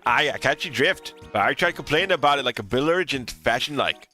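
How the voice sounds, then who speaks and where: A man's voice: medium pitch, animated, quick pace, sharp tone, soft background music. A man voicing a boisterous, drunk male pirate sea captain in a put-on pirate brogue, rolling his words and slurring them. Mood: hearty.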